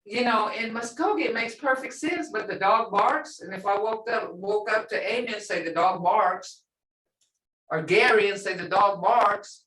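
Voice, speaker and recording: A woman teaching a language class, animated, acting out reactions and laughing often. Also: mid-range voice, normal speed. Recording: roomy classroom sound from far off.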